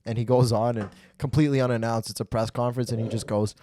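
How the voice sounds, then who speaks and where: A man hosting a podcast, ranting in casual chat with plenty of swearing, his voice swinging from loud outbursts to low mumbles. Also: steady tone, fast talker. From Canada. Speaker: podcast host.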